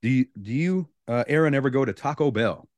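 A man's voice: mid-range voice, lively intonation, a little fast, no echo. A male radio show host, chatting casually on a studio mic and reading out the news with amused asides. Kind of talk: morning radio talk.

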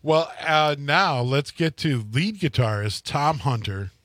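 A man's voice: on the high side, lively intonation, slow pace, noisy background. A man co-hosting a radio show, interviewing band members in a friendly way. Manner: friendly interviewer asking questions. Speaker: radio co-host.

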